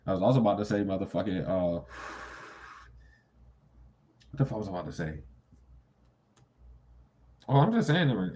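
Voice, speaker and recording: A man's voice: deep voice, darkish tone, slight background noise. A young man giving a casual tarot reading, talking bluntly and with heavy profanity, breaking into sudden incredulous outbursts. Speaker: tarot reader.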